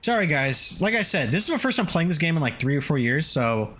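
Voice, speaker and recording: A young man chatting casually while he streams a game, his voice sitting a bit high for a man. His pitch jumps all over as he yelps, swears and laughs at what happens on screen. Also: sing-song, a little fast, pushed and bright. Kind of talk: casual gameplay livestream chat.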